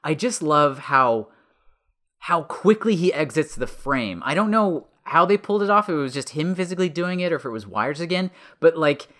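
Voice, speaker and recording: A man's voice: on the high side, animated, normal speed, a bit bright. A man co-hosting a podcast who talks about a film with enthusiasm, often searching for words. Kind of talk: casual film discussion.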